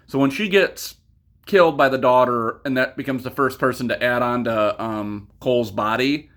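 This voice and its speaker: A man's voice: mid-range voice, normal speed, a bit bright. A young man giving a casual spoken movie review, rambling, swearing freely and drifting off on tangents. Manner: rambling, profane, goes off on tangents.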